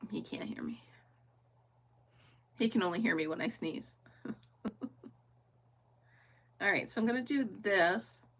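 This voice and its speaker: A woman's voice: mid-range voice, lively intonation, a little slow, pauses often, a bit bright. A middle-aged woman chatting casually and laughing often as she crafts on a livestream, thinking aloud and talking to her viewers. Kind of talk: casual chat while crafting.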